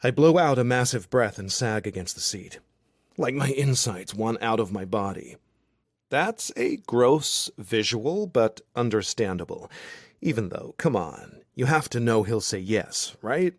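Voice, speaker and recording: A man narrating a romance audiobook in the first person, wry and expressive. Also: on the low side, moderate pace, no room sound, clean studio sound. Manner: wry, expressive, self-deprecating.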